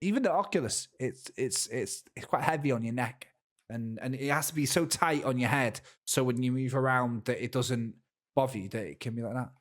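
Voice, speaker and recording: A man co-hosting a podcast, talking in an excitable, stammering casual way. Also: medium pitch, a little fast. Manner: animated, excitable storytelling with stammers. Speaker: podcast co-host. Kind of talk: casual chat.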